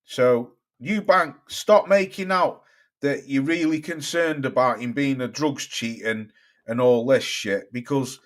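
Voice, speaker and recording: A medium-pitched British voice at a measured pace: a middle-aged man from the United Kingdom hosting a boxing live stream. He reads viewer comments in casual chat, talking bluntly and swearing, with a British English accent.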